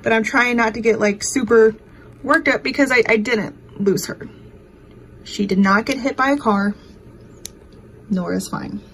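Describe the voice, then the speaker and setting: A woman's voice: a little high, unhurried, long pauses, fairly bright tone, slight background noise, low-quality recording. Emotional woman vlogger. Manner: emotional, rambling storytelling with many fillers. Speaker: craft vlogger. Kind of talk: casual chat to camera. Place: home.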